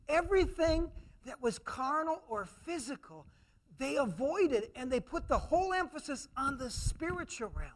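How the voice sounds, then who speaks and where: A man preaching a sermon, emphatic, swinging between loud declarations and hushed asides, mimicking others in mocking quoted voices. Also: very high-pitched, sing-song, unhurried.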